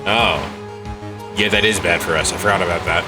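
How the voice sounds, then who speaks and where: A man's voice: deep voice, steady tone, brisk. A man streamer chatting crudely and casually while playing a game. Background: game music.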